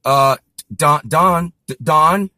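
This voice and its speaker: A man's voice: fairly high pitch, slow pace, pushed and bright, dry recording, studio quality, full character voice. A man putting on a mild older male comedian who stammers and repeats himself hesitantly. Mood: flustered.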